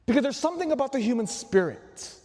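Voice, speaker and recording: A man, a Catholic priest, preaching a sermon in an animated way, full of rhetorical questions. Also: very high voice, fast. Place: large church. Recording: long church reverb.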